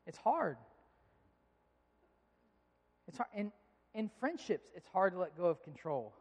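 A man in his thirties preaching a sermon, telling family stories in a relaxed, conversational way. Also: high-pitched, moderate pace. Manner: conversational, storytelling, animated when amused. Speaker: pastor. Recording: long reverb of a large hall.

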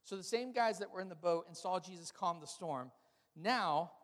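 A man with a fairly high voice delivers a sermon, telling stories with humor and lively animation. His words ring out with a long reverb, as if spoken in a large hall. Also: normal speed. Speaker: pastor.

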